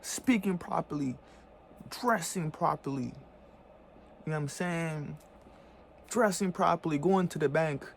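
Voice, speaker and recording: A man's voice: on the high side, measured pace, gravelly, pauses often, slight background noise. A man in a heated, casual vlog rant, full of profane slang and repeated fillers. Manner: heated, profane slang, repeats "bro" and "you know what I'm saying". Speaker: vlogger.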